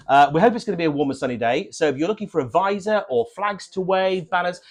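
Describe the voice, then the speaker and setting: A man's voice: high-pitched, fast talker. A man from Norfolk co-hosting a live stream, chatty and rambling, often correcting himself. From Norfolk, England. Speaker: livestream co-host. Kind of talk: casual livestream hosting.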